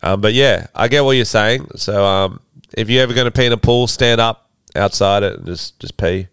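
A man's voice: lowish voice, normal speed, a bit bright, clear, resonant tone, dry recording. Crude laughing man. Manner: laughing a lot, crude, says bro. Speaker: podcast co-host. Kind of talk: casual comedy chat.

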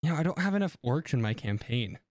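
A young man hosts a casual chat, rambling and self-deprecating with frequent laughs. His voice is mid-pitched, and the sound is dry and close. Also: very animated, fast, no room sound. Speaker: podcast host and game master. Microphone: remote podcast mic.

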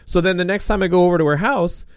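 A man's voice: high-pitched, fast talker, no room sound, studio quality. A man, a podcast guest, telling stories in casual chat and acting out quoted lines. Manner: animated, acts out quotes. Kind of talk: casual storytelling.

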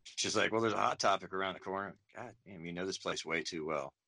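Deep voiced guy in his 40s, chatty and self-deprecating, dry close mic. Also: fast talker, vocal fry, sharp tone, no room sound. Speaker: comedian guest. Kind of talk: casual interview chat.

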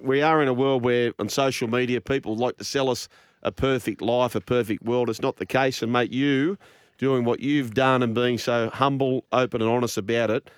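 A man's voice: mid-range voice, steady tone, moderate pace, clean tone, dry recording. A man with an Australian accent hosting a radio sports show, introducing segments earnestly. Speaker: radio host.

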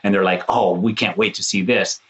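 Deep-voiced man recapping animatedly. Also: a little fast, lo-fi sound. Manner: animated, acts out quotes in shifting voices. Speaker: podcast co-host, former contestant. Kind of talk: casual chat.

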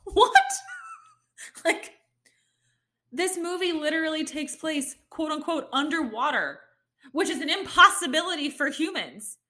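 A woman's voice: sits high, pushed and bright. A woman giving her opinions in casual talk, emphatic and exasperated, often laughing in disbelief.

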